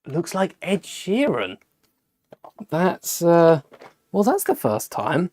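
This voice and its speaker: A British man with a fairly high voice hosts a live Lego stream. He chats in a relaxed, offhand way, musing aloud as he builds. He breaks off now and then to answer viewers' questions. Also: slow, pauses often. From United Kingdom. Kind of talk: casual live-stream chat.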